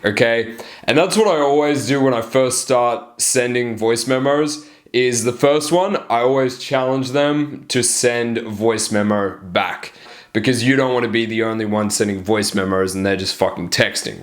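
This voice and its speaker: A man coaching about dating in a blunt, casual way, swearing often and checking in with "right?". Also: medium pitch. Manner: blunt, profane, peppers lines with "right?". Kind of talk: casual coaching talk to camera.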